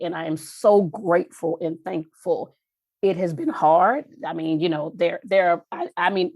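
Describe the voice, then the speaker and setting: A middle-aged woman from Texas, a podcast guest telling heartfelt stories, her pitch jumping up when she gets animated. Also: breathy edge, dry recording. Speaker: podcast guest, wine journalist. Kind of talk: emotional storytelling interview.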